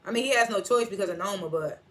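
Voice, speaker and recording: A woman's voice: medium pitch, fast, fairly bright tone. Casual woman recapping a TV episode. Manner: chatty, recounts scenes in quoted snippets, frank and profane. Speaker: TV episode reviewer.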